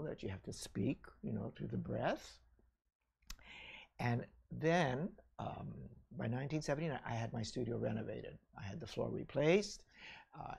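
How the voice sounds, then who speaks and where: An older man telling his memories in a loose, conversational flow, checking in with the listener as he goes. His voice is gravelly and husky, with a breathy edge. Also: medium pitch, a little mellow. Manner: chatty, rambling, frequent "you know" and "all right?". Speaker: ballet teacher recounting his career. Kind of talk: casual memoir talk.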